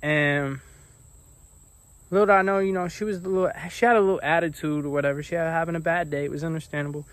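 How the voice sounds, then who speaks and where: Animated man telling a story. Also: on the high side, fast talker, dry recording. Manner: animated, quotes people with acted voices. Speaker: vlogger. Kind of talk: casual storytime monologue.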